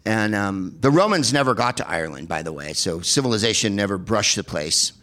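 A man's voice: on the low side, expressive, a little fast, fairly bright tone. A man telling rambling, sardonic comic travel stories, with plenty of swearing and filler words. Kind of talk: comedic travel storytelling.

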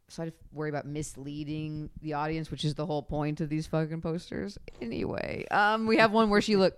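A woman's voice: lowish voice, clear, resonant tone. A woman guest on a casual film podcast, talking animatedly, giggling and swearing casually.

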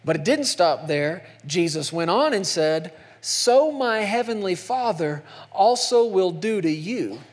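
Impassioned male preacher, high voice, slow deliberate delivery, big hall reverb. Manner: impassioned, swings between soft hushed lines and loud climbs. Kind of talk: sermon.

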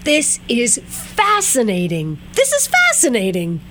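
High, lively woman host. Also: unhurried, noisy background. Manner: enthusiastic, exclaiming. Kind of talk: interview.

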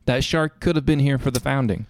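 A man co-hosting a comedy podcast, wry and teasing in fast casual back-and-forth. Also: mid-range voice, no echo, clean studio sound. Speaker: podcast co-host.

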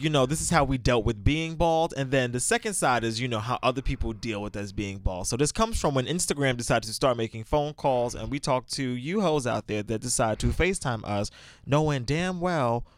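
A man co-hosting a casual podcast, animated and profane, laughing often. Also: medium pitch, brisk, no room sound, clean studio sound. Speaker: podcast co-host.

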